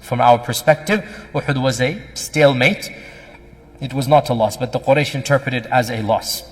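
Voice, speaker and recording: A man's voice: medium pitch, normal speed. A man giving a religious lecture, explaining texts with Arabic terms and frequent fillers. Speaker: Islamic lecturer. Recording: long reverb with faint music.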